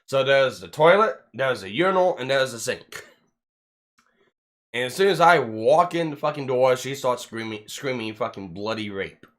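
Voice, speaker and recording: A man hosting a loose podcast chat, rambling through a story and swearing constantly. His voice sits in an ordinary middle pitch, and he often stumbles and restarts his sentences. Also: normal speed. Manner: rambling, heavy swearing, animated retelling. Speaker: podcast host.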